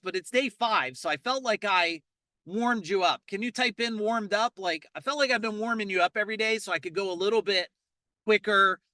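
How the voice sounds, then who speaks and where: A man coaching a live motivational webinar in a fast, energetic delivery. His voice is forceful and punchy, with a dry, close sound and no room echo. He repeats key points and keeps prompting the audience to respond. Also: high-pitched. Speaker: business coach leading an online challenge. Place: outdoors in a parking lot.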